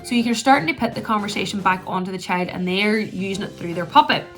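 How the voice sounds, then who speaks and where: Play therapist, female, 30s, chatty, bright crisp voice, faint music underneath. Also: mid-range voice, fast talker. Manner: chatty, acts out gentle puppet voices. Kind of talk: instructional talk to camera.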